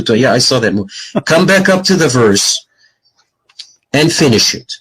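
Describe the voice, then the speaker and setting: A man's voice: medium pitch, expressive, moderate pace, long pauses, fairly bright tone, breathy edge, rough recording. A man taunting and lecturing his opponent in an online voice chat debate.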